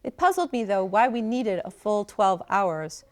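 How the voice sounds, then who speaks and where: A woman author reading a first-person passage aloud from her novel, in a steady, clear storytelling manner. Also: medium pitch, measured pace.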